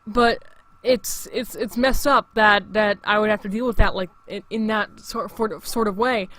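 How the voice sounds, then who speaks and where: A man's voice: high-pitched, fairly even intonation, moderate pace, pushed and bright, a little hiss or hum. Rambling, profane young male host. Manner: rambling, profane, frequent restarts. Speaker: show host. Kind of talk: casual monologue.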